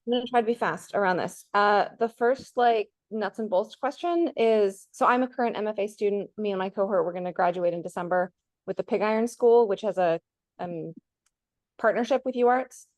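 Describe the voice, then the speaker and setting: A woman who is a graduate student asking practical questions in an online teach-in, brisk with fillers. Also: medium pitch, dry recording.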